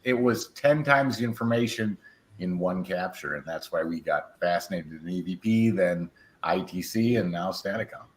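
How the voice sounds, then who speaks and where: A man's voice: sits low, moderate pace. A man co-hosting a paranormal talk show, explaining his points eagerly and listing them one after another. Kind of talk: casual chat. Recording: roomy echo.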